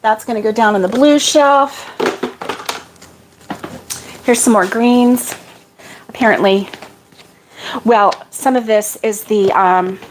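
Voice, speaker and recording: A middle-aged woman chatting casually while sorting yarn for her crochet channel, self-deprecating and quick to laugh. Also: on the high side, a little hiss or hum, poor audio. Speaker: crochet vlogger.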